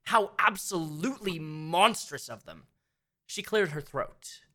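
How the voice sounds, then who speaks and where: A woman's voice: sits low, lively intonation, takes it slowly, fairly bright tone. A woman narrating a fan fiction story aloud in a wry, playful way.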